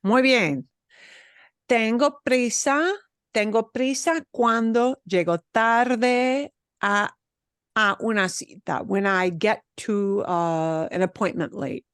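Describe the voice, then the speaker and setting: A woman teaching a Spanish class, explaining grammar with lively emphasis and repeating example phrases. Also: a little high, slow, clear, resonant tone, no room sound, studio quality. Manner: animated, emphatic, switches between English and Spanish examples. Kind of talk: online class instruction.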